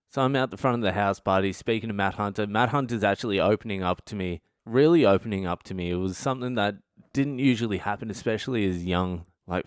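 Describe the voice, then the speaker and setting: An Australian man in his thirties tells his own story on a comedy podcast, blunt and full of swearing. His voice sits on the low side and comes across smooth and clean. The sound is close and dry. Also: dry recording. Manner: profane, blunt and animated. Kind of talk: comic personal storytelling.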